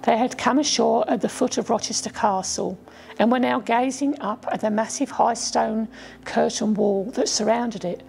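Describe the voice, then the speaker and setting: A woman reading her own children's story aloud as a storyteller, gently voicing the children's lines. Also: a little high, steady tone, moderate pace, gravelly, soft background music. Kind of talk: storybook narration.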